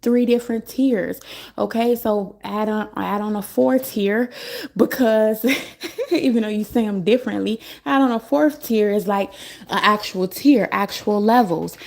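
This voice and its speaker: A woman's voice: mid-range voice, unhurried, gravelly, a little mellow. A woman hosting a casual spiritual livestream, thinking aloud in a musing, repetitive way and often checking in with "okay?" and "right?". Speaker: livestream host giving spiritual messages.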